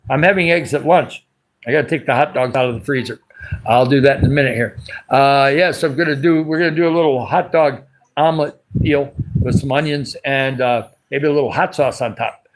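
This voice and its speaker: A man hosting a casual livestream, his throat dry and raspy, rambling along and greeting viewers by name as he reads their comments. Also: on the high side, slight background noise. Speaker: livestream host.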